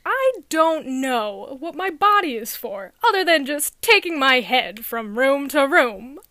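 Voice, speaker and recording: A woman putting on a dry stand-up comedian voice, unhurried and wry, with each phrase stretched out. The voice stays high and the sound is close and dry, with no room around it. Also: very animated, bright, forceful tone, dry recording, exaggerated voice. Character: impression of a male comedian, dry wry delivery.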